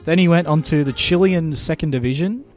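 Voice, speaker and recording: A man's voice: a little high, brisk, darkish tone, soft background music. An Australian man co-hosting a casual podcast, telling stories with playful banter. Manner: joking, banter-heavy. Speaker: podcast co-host. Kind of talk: casual chat.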